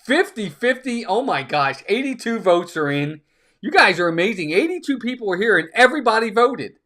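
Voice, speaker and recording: A man's voice: sits high, very animated, a little fast, sharp tone. A man hosting a casual live stream, upbeat, laughing often and greeting viewers by name. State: out of breath.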